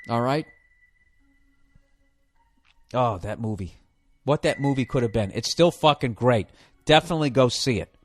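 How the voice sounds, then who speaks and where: A male comedian on a podcast, delivering a heavily profane, sarcastic rant in a hot indoor room. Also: medium pitch.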